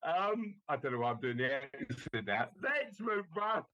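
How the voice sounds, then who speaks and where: A man's voice: on the high side, sing-song, moderate pace, pushed and bright, rough recording. A man hosting a podcast, teasing his co-host and laughing often in casual chat before introducing a guest.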